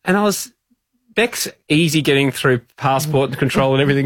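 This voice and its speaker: Speaking a little fast in a mid-range voice, a man co-hosting a podcast tells an animated, laid-back story and laughs frequently. The casual chat is recorded in studio quality with no room sound.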